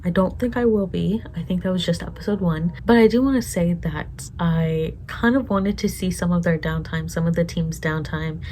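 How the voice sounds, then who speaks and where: A woman's voice: fairly low pitch, dark tone, slight background noise, rough recording. A woman vlogger reacting to a TV show in casual chat, emotional and swearing often as she talks to herself.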